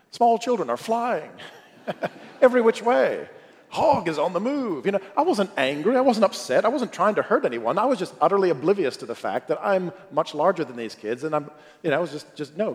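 A man preaching a sermon through a personal story, animated, moving between loud bursts and hushed, quiet lines. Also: on the high side. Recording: long hall reverb.

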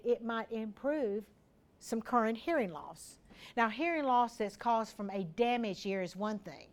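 Woman with a slightly high voice chatting to a group about health stuff, practical, talks right to them. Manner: chatty, practical, addresses listeners directly. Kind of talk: informal health talk to a live group. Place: room with a small group.

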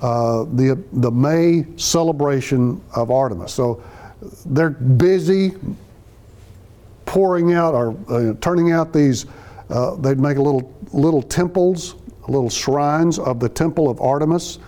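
A man's voice: on the high side, a little slow, mellow. A man giving a conversational sermon, reading verses and explaining them phrase by phrase. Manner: conversational, explains each phrase, acts out quotes. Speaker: Bible teacher.

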